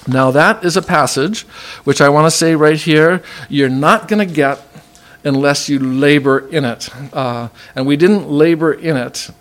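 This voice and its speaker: A man preaching a sermon, teaching from a Bible passage, halting often with fillers and restarts and drawing out key words slowly. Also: fairly high pitch, a bit bright.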